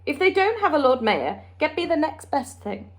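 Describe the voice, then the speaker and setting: A woman reading the part of a brisk, commanding queen, speaking in a regal, clipped way. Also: high voice, big pitch swings, pitched above the performer's own voice.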